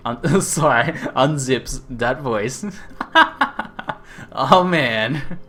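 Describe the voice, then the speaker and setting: A man's voice: medium pitch, lively intonation, extremely slow, a bit bright. A man casually commenting on his live gameplay, laid-back and chuckling as he chats with viewers. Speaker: streamer.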